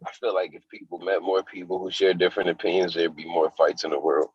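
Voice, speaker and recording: A man joking around in a casual podcast chat, loud and teasing. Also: sits low, fairly even intonation, fast talker, husky, muffled recording. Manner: loud, teasing, bursts into laughter.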